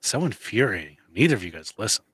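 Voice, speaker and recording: A man's voice: lowish voice, very animated, fast, fairly bright tone, slightly rough, no echo. A man co-hosting a movie review podcast, chatting casually with dry teasing and frequent chuckles. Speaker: podcast co-host.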